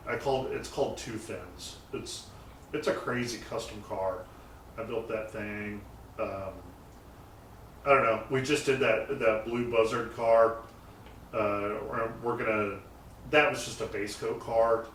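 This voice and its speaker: A man's voice: lowish voice, steady tone, unhurried, a bit bright. A man who builds and paints custom cars, telling shop stories in a loose, rambling way with lots of fillers and restarts. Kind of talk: casual interview talk. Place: garage shop. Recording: roomy echo, mic set far off, faint noise.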